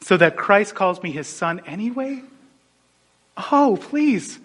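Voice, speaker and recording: A man preaching a sermon, animated and storytelling, dropping suddenly into quiet asides. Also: high-pitched, takes it slowly. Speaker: pastor. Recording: long hall reverb.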